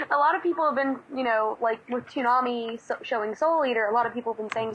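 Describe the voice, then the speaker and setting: A woman's voice: fairly high pitch, lively intonation, moderate pace, a bit bright, a little hiss or hum, low-quality recording. Bantering young woman on a podcast. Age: 20s. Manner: bantering, laughs easily. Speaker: podcast co-host reading news. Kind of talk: casual podcast chat. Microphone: Skype call.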